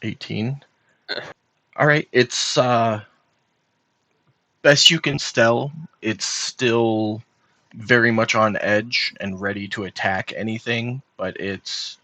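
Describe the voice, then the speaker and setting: Man, fairly low voice, dungeon master, easygoing, quick, tabletop game. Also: vocal fry, bright, forceful tone, no room sound.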